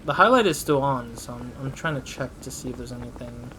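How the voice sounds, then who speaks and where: A man's voice: mid-range voice, brisk, pushed and bright, a little hiss or hum. A man giving casual let's-play commentary, thinking aloud and laughing at himself. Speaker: gaming channel host.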